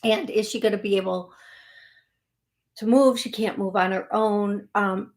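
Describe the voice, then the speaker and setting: A woman psychic medium hosting a live call-in reading show. She talks in an unhurried, drawn-out pace at a middling pitch, addressing viewers directly. Her delivery wanders and corrects itself, folksy and reassuring.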